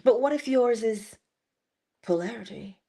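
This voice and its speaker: A woman hosting an inspirational livestream, talking in a playful, animated way with sudden high exclamations and soft asides. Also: unhurried. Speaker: livestream host.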